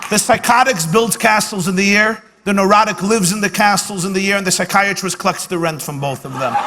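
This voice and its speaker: A man, a rabbi, giving a humorous lecture at a dinner, with punchy comic timing and lines repeated for effect. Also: high voice. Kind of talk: humorous speech with jokes and stories. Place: banquet hall at a dinner event. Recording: live hall recording with long reverb and faint room noise.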